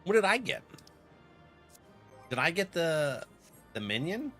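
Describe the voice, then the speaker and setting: This man talks slowly over faint background music while he plays a game on stream. He's chatty, reading out viewers' messages, laughing a lot, and letting his pitch rise and fall with energy.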